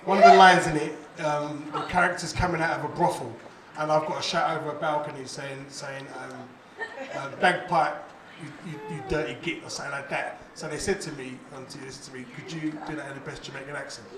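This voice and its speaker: A man performing a stand-up comedy set on a club stage, animated and laughing, shouting his punchlines. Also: a little high, fast. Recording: echoey club room, distant mic, loud crowd.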